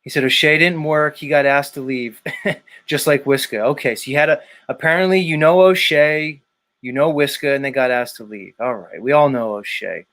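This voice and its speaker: A man's voice: mid-range voice, normal speed, fairly bright tone. A man hosting a livestream, ranting in a heated, profane way at his chat and repeating people's names. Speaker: livestream host. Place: dark room.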